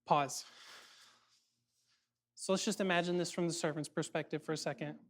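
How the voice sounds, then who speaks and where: A man giving a casual youth sermon, animated and chatty, full of fillers and quick check-ins with his audience. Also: on the high side. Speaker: youth ministry speaker.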